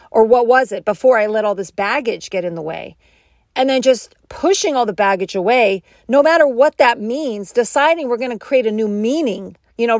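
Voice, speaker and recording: A woman giving a motivational self-help talk, animated and acting out quoted inner voices. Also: on the high side, dry recording, studio quality.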